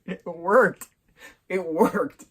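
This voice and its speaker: A man reviewing a film in a casual vlog, retelling scenes excitedly with bursts of giggling and sudden jumps in pitch and volume. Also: very slow, slightly rough. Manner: giggles through his retelling.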